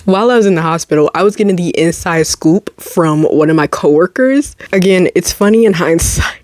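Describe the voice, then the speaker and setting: A young adult woman vlogging, telling a personal story in a dramatic, animated way with quick asides and laughs. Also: fairly low pitch, no room sound, clean studio sound. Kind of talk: casual storytelling to camera.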